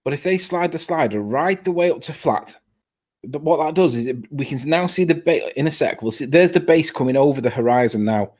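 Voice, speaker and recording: A man's voice: a little high, expressive, fairly quick, a little mellow. A man on a video call, arguing a point insistently in a casual debate and stumbling over his words. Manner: stammering, insistent. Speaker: caller on a live stream.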